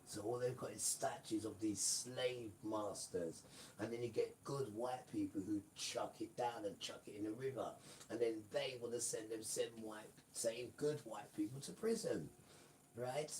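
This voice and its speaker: A man preaching on a livestream in a repetitive, emphatic way, often asking the viewers "right?" and breaking into loud bursts. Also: on the low side, measured pace, far from the mic, slight background noise, poor audio.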